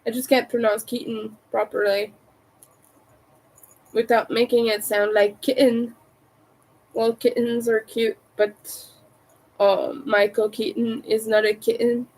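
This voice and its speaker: French-accented woman streamer, unhurried, slightly high voice, crisp T's. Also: level tone, a little mellow, poor audio. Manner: carefully overpronounces her T's. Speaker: crochet livestreamer. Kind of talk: casual livestream chat.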